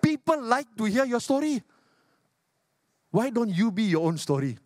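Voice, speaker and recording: An older man from Singapore with a Singaporean English accent, preaching a sermon as a pastor. He moves between loud exhortation and soft, low asides. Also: very animated, moderate pace, no echo, clean studio sound.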